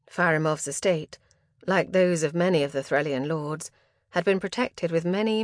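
A woman narrating a first-person fantasy audiobook in a measured, steady way. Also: lowish voice, no echo, clean studio sound.

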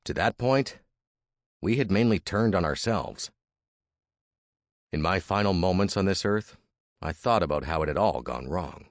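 A man's voice: sits low, lively intonation, unhurried, creaky, pauses often, no room sound, clean studio sound. A man reading a first-person historical story as narrator, with dramatic, vivid storytelling.

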